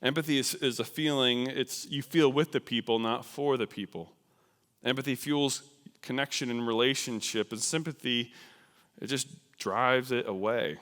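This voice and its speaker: A man's voice: mid-range voice, moderate pace. Man preaching in a reverberant church. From New Jersey, USA. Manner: conversational, animated, self-deprecating. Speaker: missions speaker. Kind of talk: sermon. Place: church sanctuary. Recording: long hall reverb.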